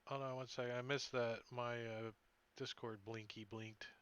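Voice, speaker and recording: Bright-voiced man running a tabletop game. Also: medium pitch, moderate pace, clean tone, no echo, dull audio. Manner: relaxed, rambling, loose fillers. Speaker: game master.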